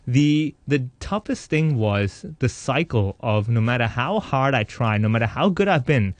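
A man in his thirties, an interviewee, telling his own life story in a candid, animated way with a joking streak. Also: medium pitch, measured pace, no room sound. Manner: animated, joking, acts out voices in quotes.

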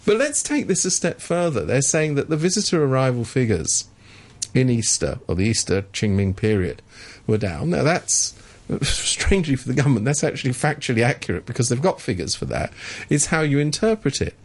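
In a radio studio, this co-host riffs on politics in a casual, sardonic way, mocking officials by mimicking them. His mid-range voice moves fairly quickly and is very animated.

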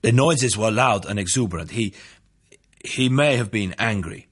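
A man's voice: lowish voice, normal speed, a bit bright, breathy edge. A man doing a nervous, hedging witness. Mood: hesitant. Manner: hesitant, with fillers. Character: nervous, wry male neighbor witness.

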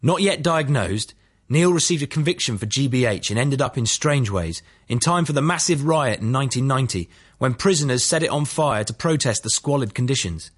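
A man's voice: mid-range voice, expressive, fairly quick, husky. A man narrating his memoir as an audiobook, telling it in a matter-of-fact, dry way.

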